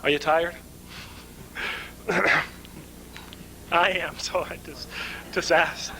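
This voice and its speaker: A man's voice: fairly high pitch, steady tone, extremely slow, sharp tone, a little hiss or hum, poor audio. A man giving a conference lecture, asking rhetorical questions and answering them himself, building emphatic lists.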